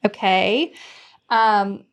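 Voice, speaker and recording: A woman's voice: mid-range voice, drawn-out words, muffled recording. A woman co-hosting a podcast, giving emphatic coaching-style advice and repeating key phrases. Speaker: podcast co-host. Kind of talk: casual chat.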